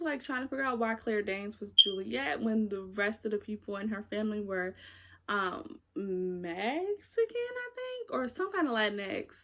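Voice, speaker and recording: A woman's voice: mid-range voice, fairly bright tone. Rambling young woman chatting about movies. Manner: rambling, searching for words, frequent fillers. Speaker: YouTuber reviewing movies. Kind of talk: casual chat.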